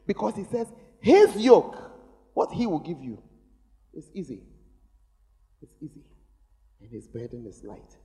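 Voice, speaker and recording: Animated preaching man in a big hall. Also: on the high side. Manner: animated, teasing the congregation, shouting bursts. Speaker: pastor. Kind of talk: sermon. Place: large church. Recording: long reverb of a large church hall.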